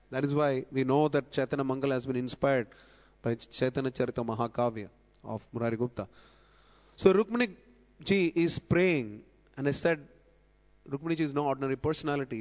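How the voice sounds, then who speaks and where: Man, devotional lecture, fairly high voice, quotes scripture with emphasis, long hall reverb. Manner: explanatory, quotes scripture with rising emphasis, coughs now and then. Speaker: speaker at temple festival lecture. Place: temple hall.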